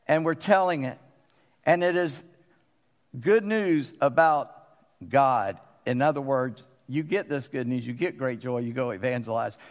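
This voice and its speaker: A man preaching in a casual, talky way, his fairly high voice rising when he is excited and sinking low for the serious points. The sound rings out with a long church-hall reverb. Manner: conversational, animated preaching with sudden drops to a low voice. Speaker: pastor. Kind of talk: sermon. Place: church sanctuary.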